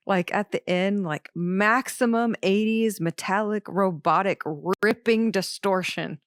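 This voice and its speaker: A woman's voice: mid-range voice, takes it slowly, smooth, no room sound, studio quality. A woman hosting a show, giving casual, enthusiastic commentary on an album with lots of fillers. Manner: enthusiastic, chatty, many fillers. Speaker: podcast host.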